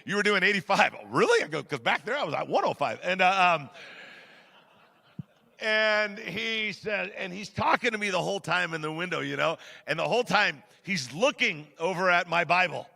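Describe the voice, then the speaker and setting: High, gravelly-voiced pastor in a big hall. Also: male voice, moderate pace, pushed and bright. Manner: chatty, self-deprecating storyteller with many fillers. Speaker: guest pastor. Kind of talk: sermon storytelling. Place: church sanctuary. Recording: large hall with long reverb.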